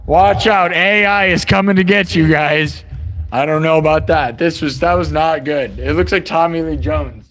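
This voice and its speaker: A man's voice: a little high, normal speed, fairly bright tone, big-room sound, a little hiss or hum. A man hosting a livestream, chatting casually to viewers in an amused way. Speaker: livestream host.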